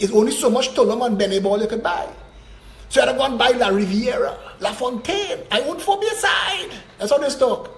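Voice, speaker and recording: A man's voice: sits high, reverberant. A man giving an emphatic campaign speech as a political candidate. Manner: emphatic, declamatory, rising and dropping with emphasis.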